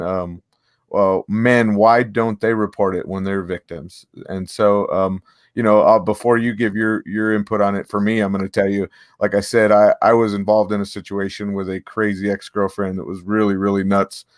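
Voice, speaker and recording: A man co-hosting a podcast, telling a personal story in a relaxed, rambling way. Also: lowish voice, normal speed, dry recording, studio quality. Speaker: podcast co-host. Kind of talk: casual podcast discussion.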